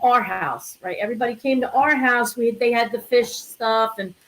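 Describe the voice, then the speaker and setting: A woman hosting a relaxed family chat, eagerly recalling old toys and holidays. She explains with fillers, her voice sitting somewhat high. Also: normal speed, poor audio. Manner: chatty, eager reminiscing with fillers. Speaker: host. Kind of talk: casual chat.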